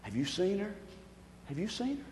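A man preaching who acts out a faithful husband, hushed and pleading as he searches for his missing wife, in an echoey hall. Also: high-pitched, big pitch swings, normal speed, slight background noise. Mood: bewildered.

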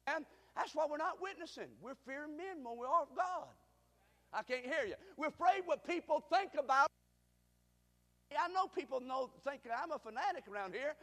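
A preacher with a strikingly high voice delivers an emphatic sermon, calling for responses and climbing into shouts. His voice carries with a long reverb through a church sanctuary. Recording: reverberant hall.

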